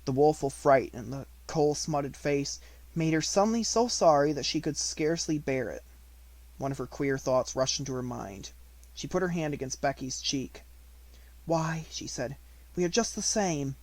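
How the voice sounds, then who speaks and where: Male reader for a classic novel, raised pitch, dry close recording, expressive measured storytelling. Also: no echo. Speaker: audiobook reader. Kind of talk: reading a novel aloud.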